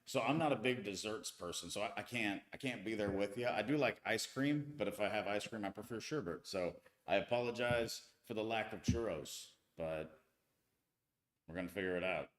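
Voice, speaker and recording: A man's voice: fairly low pitch, moderate pace, roomy sound. A man in his thirties from the United States hosting a casual live stream, chatting loosely and answering viewer comments. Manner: chatty, reads viewer comments aloud, frequent restarts. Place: home with tile floors.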